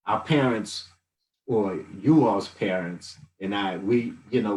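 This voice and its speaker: A low-voiced man in his sixties tells old stories in a loose, rambling way, full of "you know" and "um". He sounds fond and reflective, and he is picked up from a little away from the mic. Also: distant mic, poor audio. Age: 60s. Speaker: guest. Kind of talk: casual storytelling testimony.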